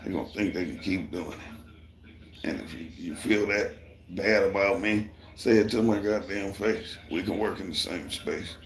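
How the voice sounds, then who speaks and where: A man's voice: low voice, measured pace. A middle-aged man telling a profane, heated work story to viewers of a live stream. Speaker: construction worker and livestreamer. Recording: roomy echo.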